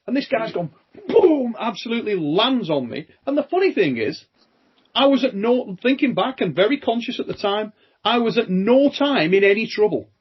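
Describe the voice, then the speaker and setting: A British man hosting a podcast, telling lively stories, acting out quoted lines and swearing freely. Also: high voice, moderate pace, slightly rough, muffled recording. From Britain. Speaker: podcast host and armwrestling champion. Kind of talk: casual chat, storytelling.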